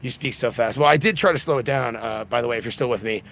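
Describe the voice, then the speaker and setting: A man's voice: medium pitch, quick pace, a bit bright, a little hiss or hum. An exhausted man hosting a casual livestream, rambling with lots of restarts, recorded on a phone. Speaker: livestream host.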